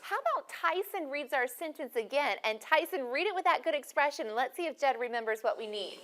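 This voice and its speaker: A woman's voice: sits high, expressive, a little fast, fairly bright tone, slight background noise. A woman teaching a phonics lesson, encouraging students and asking them questions by name.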